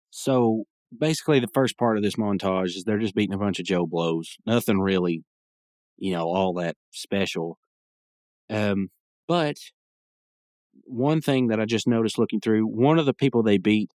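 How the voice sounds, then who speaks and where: Low-voiced rambling man, dry close mic. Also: darkish tone, no echo. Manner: rambling, laughs while retelling scenes, acts out lines. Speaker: podcast host recapping a cartoon episode. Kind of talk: casual solo commentary.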